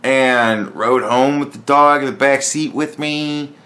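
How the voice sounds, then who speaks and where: A man's voice: mid-range voice, steady tone, takes it slowly, sharp tone. A man talking alone in a casual podcast monologue, blunt and profane, rambling with frequent restarts. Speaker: podcast host.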